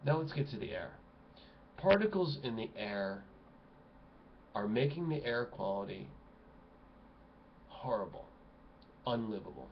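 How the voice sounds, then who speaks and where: Fired-up male vlogger, exclamatory outbursts and low muttering, dull home recording. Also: sing-song, measured pace, pauses often, slight background noise. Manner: agitated, exclamatory, swings between loud outbursts and low mutters. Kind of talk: impassioned ranting monologue. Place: home room at a computer desk.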